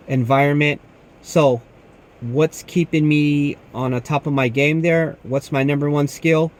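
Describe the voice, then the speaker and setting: A man's voice: medium pitch, slight background noise. A young man working as a security guard, talking casually to camera and acting out the people he quotes. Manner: laid-back, says "man" often, tells stories with quoted dialogue.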